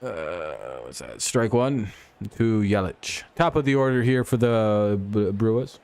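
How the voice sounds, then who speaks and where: Man, live-stream host, casual chatty game commentary, fairly low voice. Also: lively intonation, a little slow, creaky, darkish tone, smooth. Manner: chatty, replies to chat while calling pitches.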